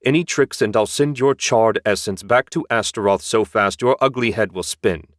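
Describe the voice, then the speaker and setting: A man voicing a cold, commanding male dragon in an audiobook, speaking slowly and with threat. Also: lowish voice, fairly bright tone, no echo, clean studio sound, lightly acted. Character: commanding, menacing male dragon in human form. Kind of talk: audiobook character voice.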